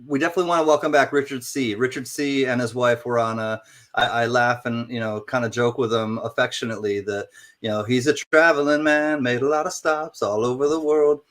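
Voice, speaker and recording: Easygoing man giving viewer shout-outs. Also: medium pitch, steady tone, fairly quick. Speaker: co-host. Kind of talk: casual livestream chat.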